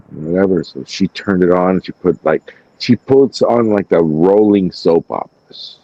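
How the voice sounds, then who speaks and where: A podcast host with a very low voice tells a story in lively casual chat and swears freely. The sound is dry and slightly dull. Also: male voice, unhurried, hardly any pauses, no room sound. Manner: animated storytelling, acting out quotes, frequent swearing.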